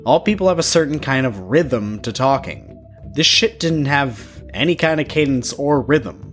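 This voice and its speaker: A man on a podcast reading a scary story aloud, his pitch rising and falling a lot. He tells it casually, with swearing and side remarks, over faint music. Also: animated, normal speed. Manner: casual, profane storytelling with asides. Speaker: podcast co-host.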